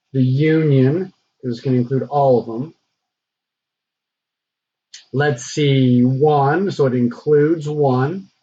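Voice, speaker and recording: A man teaching a recorded math lesson, talking through the steps in a relaxed, conversational way with frequent fillers. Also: medium pitch, slightly rough. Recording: dull lo-fi recording.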